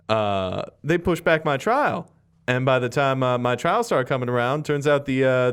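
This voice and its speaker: A man's voice: mid-range voice, lightly acted. A man voicing a cocky young male punk ghost who talks in slang and nervous, wheedling hedges.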